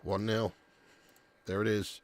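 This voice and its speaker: A man's voice: fairly low pitch, little pitch movement, takes it slowly. A young man hosting a live football watch-along stream, chatting casually with viewers and swearing now and then. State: a little sleepy.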